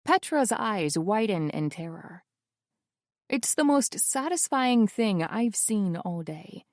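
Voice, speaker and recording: Young woman reading a romance audiobook, wry and intimate, slow, swoopy pitch, dry close mic. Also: animated, no room sound. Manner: intimate, wry, soft-spoken asides. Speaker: audiobook narrator. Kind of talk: first-person romance audiobook narration.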